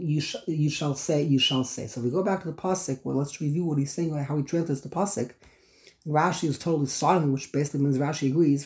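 Man teaching a text class, mellow voice. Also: fairly high pitch, a little hiss or hum. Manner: reads Hebrew phrases aloud then translates and explains them, with repeats and restarts. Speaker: Torah teacher. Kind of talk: text study class explaining Hebrew and Aramaic commentary.

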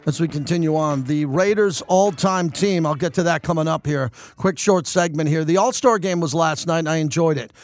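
A man hosting sports talk radio in an energetic, opinionated monologue. His voice sits a little high for a man, and the studio sound is dry and close. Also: normal speed, few pauses, no echo, soft background music. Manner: energetic, opinionated, thinks aloud with restarts.

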